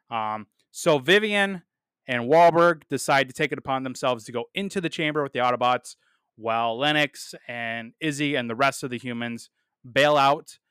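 A man's voice: mid-range voice, sharp tone, smooth, no room sound, clean studio sound. A man reviewing a film in a casual podcast monologue, blunt and dismissive, with plenty of "um"s and "uh"s. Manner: blunt and dismissive, many fillers.

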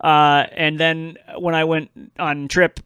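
A young man with a smooth, resonant, slightly high voice, heard dry and close. He rambles through casual gaming talk, hesitating and restarting his sentences as he goes. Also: flat delivery, slow pace, fairly bright tone, dry recording. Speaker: podcast co-host.

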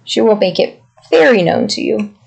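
A man's voice: high-pitched, big pitch swings, normal speed, vocal fry, a little mellow, breathy edge. A man co-hosting a podcast, chatting casually and rambling affectionately. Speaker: podcast co-host. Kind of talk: casual chat.

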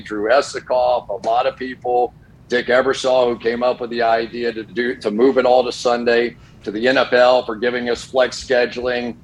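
A middle-aged man, a football broadcaster, telling stories casually on a sports talk show and jumping up in pitch when he quotes people. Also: poor audio. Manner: animated, voice jumps when quoting people. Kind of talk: casual storytelling.

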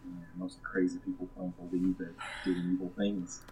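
A man at a tabletop game with a low voice, blunt and quick to swear. Faint ambience sits behind him. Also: completely flat delivery, dark tone, slight background noise, poor audio. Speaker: player. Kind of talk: casual tabletop play.

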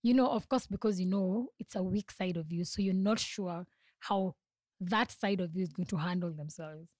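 A woman's voice: lowish voice, normal speed, a little mellow, no room sound. A young woman hosts a solo podcast, talking earnestly and confidingly, often laughing and restarting her sentences. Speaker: podcast host. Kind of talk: reflective solo podcast talk.

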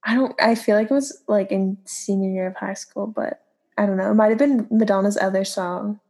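A woman's voice: mid-range voice, fairly even intonation, a little fast, a little mellow. A young woman co-hosting a casual music podcast, talking loosely with lots of "like" fillers. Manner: filler-heavy, says "like" a lot. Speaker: podcast co-host. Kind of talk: casual chat.

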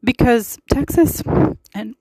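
A woman's voice: on the high side, takes it slowly, mellow, slightly rough, no echo, low-quality recording. A woman hosting a podcast, giving casual political commentary in a chatty, emphatic way with lots of fillers. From United States. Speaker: podcast host.

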